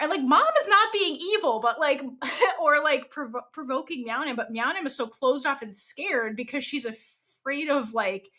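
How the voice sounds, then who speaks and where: Bright, lively young woman chatting. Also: high voice, moderate pace. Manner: animated, acts out quotes, frequent fillers. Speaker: podcast co-host. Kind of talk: casual chat.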